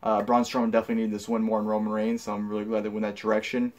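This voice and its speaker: A man's voice: on the low side, level tone, racing, a little mellow. A young man giving a casual spoken review, rambling with many fillers and restarts, blunt and profane when annoyed. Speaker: wrestling show reviewer.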